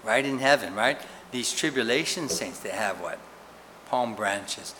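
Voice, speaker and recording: A man preaching a sermon in an animated, questioning way, often checking in with "right?". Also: medium pitch, unhurried. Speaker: pastor. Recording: reverberant hall with faint noise.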